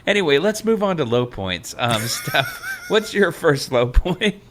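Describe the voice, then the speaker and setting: Bright-voiced joking podcast host. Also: male voice, a little high, very animated, measured pace, slight background noise. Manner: jokey, laughing often, reads passages aloud. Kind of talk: casual podcast chat.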